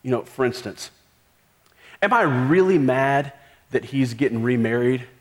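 A man's voice: mid-range voice, lively intonation, measured pace. A man preaching a sermon in a casual, conversational way, full of rhetorical questions and "like" fillers. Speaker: pastor. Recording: long hall reverb.

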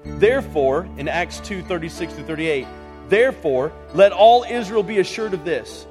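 A man's voice: sits high, animated, moderate pace, a little mellow, faint music behind. A man preaching a sermon as pastor, earnest and rising to impassioned reading of scripture.

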